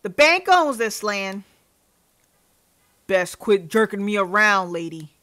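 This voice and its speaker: Bullying old landowner in a game, put on by a woman; loud, snarling threats, slow heavy delivery. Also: mid-range voice, big pitch swings. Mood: menacing.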